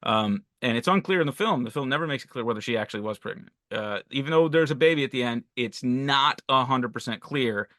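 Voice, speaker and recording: A man's voice: medium pitch, a little fast, few pauses, pushed and bright, no echo, studio quality. A man co-hosting a podcast, discussing a horror film in a thoughtful, analytical way with frequent fillers and restarts. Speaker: podcast co-host.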